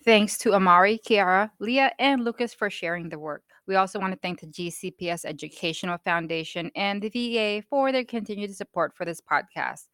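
A woman teacher hosting a school podcast, giving an upbeat scripted sign-off and reading out her thanks in an even cadence. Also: mid-range voice, brisk, hardly any pauses, no room sound, studio quality.

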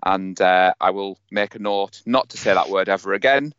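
A man's voice: low voice, moderate pace, fairly bright tone, clean tone, no echo, muffled recording. A man with a Teesside accent co-hosting a casual sports chat, talking in a joking, self-mocking way. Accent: Teesside English. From North East England. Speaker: podcast co-host.

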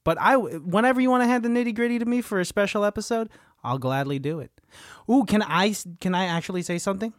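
High-voiced man joking with a friend. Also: expressive, quick pace, no room sound, studio quality. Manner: jokey, defensive, laughs often. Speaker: podcast co-host. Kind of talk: casual chat.

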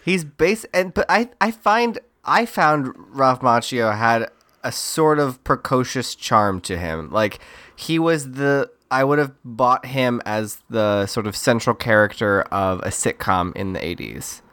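A man's voice: medium pitch, lively intonation, measured pace, a bit bright. A man co-hosting a casual movie-review podcast, talking in a meandering, hesitant way. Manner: meandering, hesitant, full of "like" and restarts. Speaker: podcast co-host.

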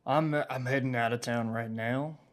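A man voicing a calm, guarded male traveler in a tabletop game, speaking plainly. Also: mid-range voice, moderate pace, lightly acted.

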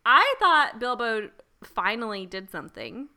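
Relaxed female co-host with a very bright, crisp voice, quick to laugh. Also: a little high. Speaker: podcast co-host. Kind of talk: casual book discussion chat.

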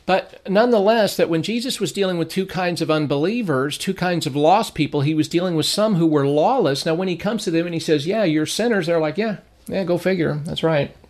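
A middle-aged man gives an informal Bible lesson in a voice pitched a touch high. He talks through his points conversationally, slipping into anecdotes and briefly voicing the people in them. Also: fairly quick, few pauses, darkish tone. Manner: conversational, storytelling, acts out quoted people. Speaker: Bible teacher.

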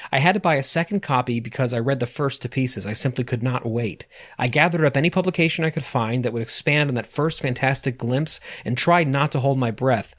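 A man co-hosting a casual podcast in an easygoing way, reading listener essays aloud. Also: medium pitch. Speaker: podcast co-host. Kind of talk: casual fan podcast chat.

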